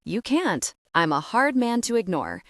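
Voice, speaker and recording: A woman's voice: medium pitch, huge pitch swings, measured pace, fairly bright tone, no echo. A patient young cowboy with a dry, teasing way of talking, played by a woman reading a romance audiobook. The voice swings up and down with life. It sits close and dry, with no room around it.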